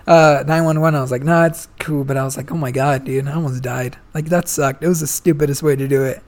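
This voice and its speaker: A man's voice: a little high, fairly even intonation, fast talker, a little mellow. A young man, a guest, chatting casually and telling a long story, swearing freely and full of slang. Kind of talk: casual chat.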